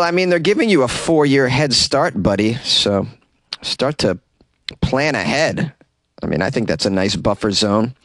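A man hosting a comedy podcast, reading odd news stories with sarcastic deadpan asides, recorded in a closet. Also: lowish voice, dry recording.

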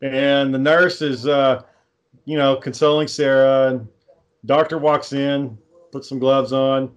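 A man's voice: medium pitch, level tone, slow, clear, resonant tone, lo-fi sound. A young adult man co-hosting a casual chat, rambling through stories and swearing freely. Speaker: podcast co-host.

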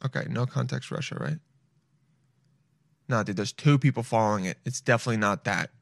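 A man's voice: fairly low pitch, expressive, fairly quick, no echo. A young man streaming and reacting to videos in loose, swearing, self-mocking casual talk.

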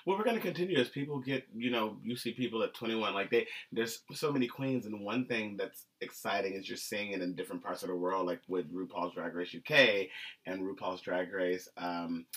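A man's voice: fairly low pitch, a little fast, a bit bright, low-quality recording. A man co-hosting a podcast in casual chat, with joking asides. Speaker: podcast co-host.

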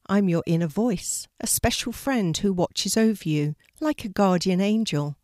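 A woman voicing a gentle female guardian angel who speaks softly and patiently in a storybook reading. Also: medium pitch, animated, measured pace, no echo, clean studio sound, lightly acted. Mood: reassuring. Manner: soft, patient, advising.

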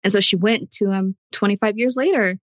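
A woman's voice: mid-range voice, fairly quick, dry recording, clean studio sound. A woman in casual podcast chat, telling stories earnestly.

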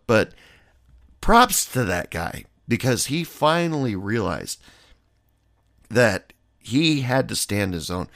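Low-voiced man telling a rambling story. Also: fairly bright tone, dry recording, clean studio sound. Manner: rambling, blunt, swears casually. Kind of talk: casual anecdotal monologue.

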